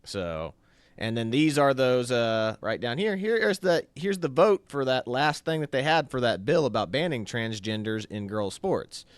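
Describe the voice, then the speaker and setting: Male co-host, mid pitch, smooth resonant voice, dry sound, presents posts casually. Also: animated, moderate pace, no room sound. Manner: walks through posts on screen, casual. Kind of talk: casual political chat.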